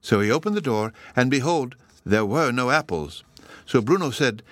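A man narrating a children's story in an expressive, measured way. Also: medium pitch, no room sound. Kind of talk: audiobook narration.

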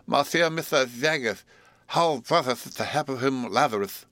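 A man voicing an excitable male client who pleads with his lawyer in a storybook reading, frantic and breathless. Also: mid-range voice, unhurried, dry recording, voice pushed up. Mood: frantic pleading.

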